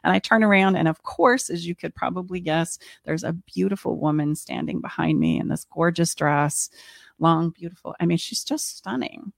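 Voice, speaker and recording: Candid storytelling woman with gravelly fry. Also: fairly low pitch, moderate pace, no echo, clean studio sound. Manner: candid, expressive, acts out her own inner voice. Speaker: podcast co-host. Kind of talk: personal storytelling.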